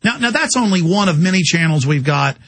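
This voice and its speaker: A man rants through his radio monologue, firing off rhetorical questions without letup. His voice sits high and sharp with a husky rasp. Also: animated. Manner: rapid, heated and insistent, with rhetorical questions. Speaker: radio talk show host. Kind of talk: impassioned political monologue.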